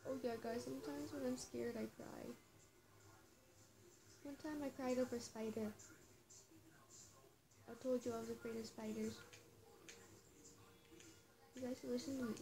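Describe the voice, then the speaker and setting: A woman's voice: fairly high pitch, fairly even intonation, normal speed, gravelly, pauses often. A woman giving casual, nervous commentary while playing a game, talking straight to her viewers. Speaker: gaming vlogger. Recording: music playing under the voice.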